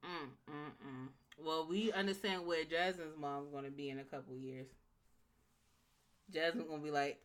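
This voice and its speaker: A woman co-hosting a casual show recap, emphatic and animated, often acting out the scenes. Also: sits low, normal speed. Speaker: podcast co-host.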